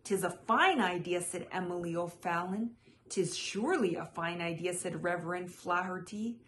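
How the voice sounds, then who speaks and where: A woman storyteller reading a children's picture book aloud with expressive, slow dramatic phrasing. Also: mid-range voice, slight background noise.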